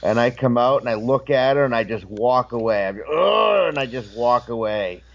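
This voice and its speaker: A man's voice: medium pitch, brisk, dull audio. A man who is a guest on a podcast, telling a story in casual talk and acting out the voices in it. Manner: animated, acts out voices in his stories.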